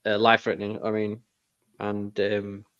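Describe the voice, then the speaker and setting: A young man in a casual football chat, animated and swearing freely. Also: lowish voice, normal speed, clear, resonant tone, muffled recording. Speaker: podcast co-host.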